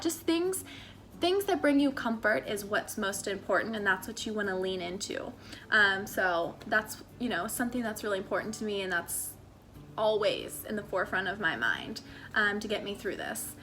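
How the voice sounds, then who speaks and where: With a fairly high pitch and a fairly bright tone, the young Maryland vlogger talks casually about faith and lifestyle, chatty, earnest, and encouraging, with plenty of fillers. Slight background noise is audible.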